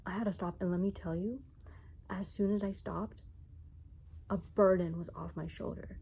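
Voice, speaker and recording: Gravelly-voiced young woman vlogging. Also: medium pitch, fairly even intonation, moderate pace, mellow, poor audio. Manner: rambling and self-mocking, often laughing. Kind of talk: casual chat to camera.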